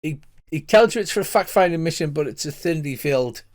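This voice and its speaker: A man's voice: fairly high pitch, animated, fast. An older man narrating as game master, hesitant, with many fillers.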